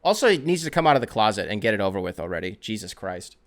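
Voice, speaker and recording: A man's voice: on the low side, big pitch swings, quick pace. Rambling, jokey male podcast host. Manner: rambling, profane, jokey storytelling. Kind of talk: casual solo sports podcast chat.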